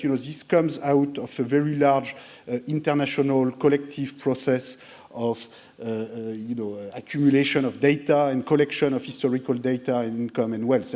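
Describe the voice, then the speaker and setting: A man with a French accent giving a public lecture in a theatre, hesitant and self-deprecating, filling pauses with "you know". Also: mid-range voice, darkish tone. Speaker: guest lecturer.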